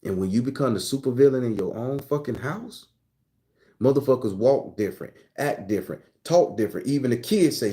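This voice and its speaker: A man's voice: mid-range voice, expressive, brisk, warm tone. An older man delivering an impassioned, profane relationship monologue as a channel host, hammering points home with repetition. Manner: profane, preachy, emphatic repetition. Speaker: tarot reader and channel host.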